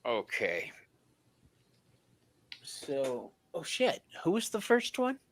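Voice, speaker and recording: A man hosting a casual tarot reading chat, chatty and quick to laugh. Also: a little high, wildly swooping pitch, no room sound. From United States. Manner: chatty and giggly, laughs often. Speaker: tarot reader host.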